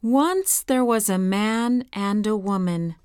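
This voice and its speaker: Slow, clear woman reading a fairy tale. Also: mid-range voice, dry recording. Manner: slow, careful, gentle reading. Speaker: storyteller. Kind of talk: children's story reading.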